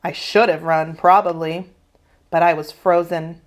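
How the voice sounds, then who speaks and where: A woman's voice: on the low side, level tone, measured pace. Woman reading a children's novel aloud. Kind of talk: children's read-aloud narration.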